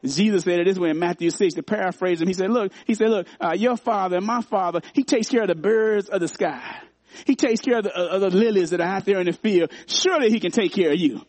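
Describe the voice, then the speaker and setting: A man's voice: sits high, quick pace, darkish tone, no echo. A man preaching a sermon, repeating phrases for emphasis and calling out to his congregation. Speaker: pastor. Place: church.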